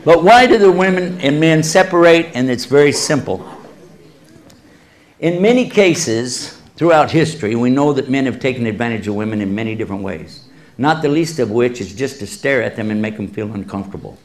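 A man gives a public religious talk, answering questions from the audience through lively stories. He tells them with humor and acts out the voices of the people in them, in a mid-range voice. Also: medium pitch, moderate pace. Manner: animated storyteller who acts out quoted voices with humor.

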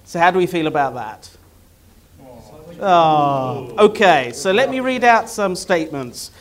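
A man's voice: a little high, expressive, a little slow. A man chairing a live debate, introducing it with wry, teasing jokes and many hesitant fillers.

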